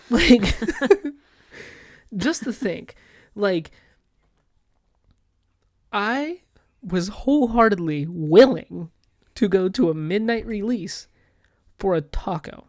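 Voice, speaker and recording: A man co-hosting a casual podcast, telling a story in a profane, animated way. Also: high-pitched, extremely slow, long pauses, dry recording, studio quality. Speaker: podcast co-host.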